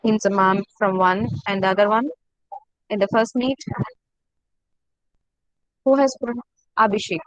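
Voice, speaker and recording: A woman teaching an online class, slowly repeating each word for her students. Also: mid-range voice, dry recording, poor audio. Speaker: French teacher.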